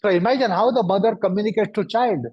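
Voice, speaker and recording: A man giving a lecture, speaking deliberately and piling up synonyms for emphasis. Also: high voice, darkish tone, breathy edge, no echo. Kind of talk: lecture to an audience. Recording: dull, dry recording.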